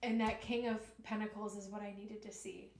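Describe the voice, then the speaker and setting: A woman's voice: medium pitch, level tone, brisk, a little mellow, reverberant, a little hiss or hum. A woman giving a live-stream tarot reading, chatty and emotional, talking to spirit and to her viewers. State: emotional, nearly crying. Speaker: tarot reader.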